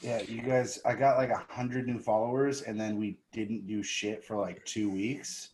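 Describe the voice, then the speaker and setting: A man's voice: fairly low pitch, little pitch movement, moderate pace, darkish tone, a little hiss or hum. A young man co-hosting a podcast, joking around in a casual chat. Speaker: podcast co-host.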